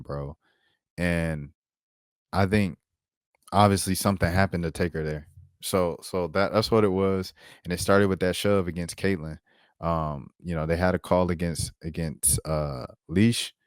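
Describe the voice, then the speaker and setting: A man giving a casual basketball recap on his vlog, animated and slangy, talking while he pulls up clips. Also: low-pitched, unhurried, clear, resonant tone, dry recording, clean studio sound. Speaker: basketball commentator and vlogger.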